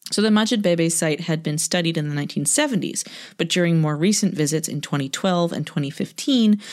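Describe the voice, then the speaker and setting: A woman co-hosting a casual podcast, reading through research notes with laughing asides. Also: deep voice. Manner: reads sources aloud with laughing asides. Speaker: podcast co-host.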